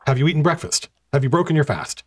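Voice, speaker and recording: A man's voice: fairly high pitch, quick pace, breathy edge, voice pushed up. A man playing a polite, flustered abbot. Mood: courteous.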